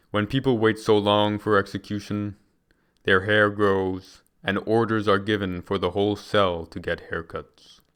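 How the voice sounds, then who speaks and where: A man reads from a book in a measured, deliberate manner. His voice sits on the low side and rings smooth and full. Now and then he stumbles and starts a phrase again. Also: a bit bright. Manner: measured, deliberate reading with occasional restarts. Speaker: reader. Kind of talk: reading a book aloud.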